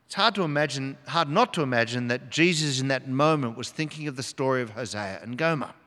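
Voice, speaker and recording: An older male pastor preaching in a church, his voice carrying a long reverb through the hall. He tells the story dramatically, dropping low and then surging up for emphasis. His pitch sits in the middle range for a man. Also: fairly quick, sharp tone. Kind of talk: sermon.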